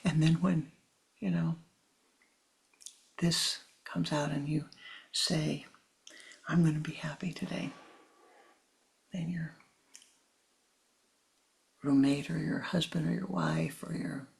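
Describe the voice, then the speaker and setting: A woman giving a spiritual talk in a soft, often half-whispered delivery. Her voice is very husky and breathy, low in pitch, with a gravelly edge of fry. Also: fairly even intonation, takes it slowly, pauses often. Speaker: spiritual teacher.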